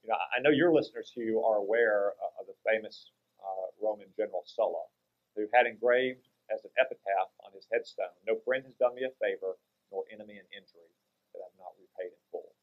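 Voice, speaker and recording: Measured low-voiced senator, dull audio. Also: male voice. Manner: measured, lecturing, deliberate. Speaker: U.S. senator, guest. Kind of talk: political interview.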